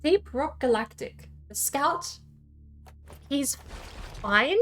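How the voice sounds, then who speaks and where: A woman's voice: high-pitched, animated, very slow, a bit bright, soft background music. A woman hosting a casual livestream, thinking aloud as she explains her game build ideas. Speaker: streamer host.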